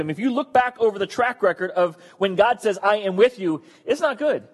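A man's voice: sits high, fast, few pauses, in a large hall. A man preaching a sermon in a conversational, joking way. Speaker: pastor.

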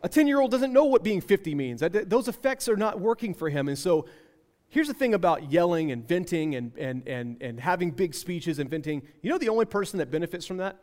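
A young man giving a conversational sermon about parenting, animated and repeating phrases for emphasis, slipping into acted-out voices. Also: fairly high pitch, a little fast. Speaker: speaker at a parenting talk.

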